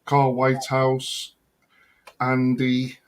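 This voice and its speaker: A man's voice: mid-range voice, completely flat delivery, very slow. Jokey British man hosting a live chat. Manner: jokey, reads out chat comments. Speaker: co-host of a live chat show. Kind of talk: casual live-stream chat. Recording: faint background noise.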